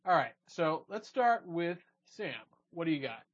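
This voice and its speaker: A man with a fairly high voice hosts a casual podcast, steering the talk and jumping in to argue small points. The audio is dull and lo-fi. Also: very animated. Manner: leads the discussion, quick to interject and quibble. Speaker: podcast host.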